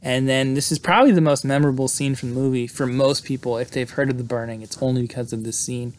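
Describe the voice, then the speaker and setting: Host type, male, mid-pitched, chatty and crude, lots of uhs and likes. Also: fairly even intonation, fast talker, slight background noise. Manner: loose and profane, many fillers. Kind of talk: casual movie recap.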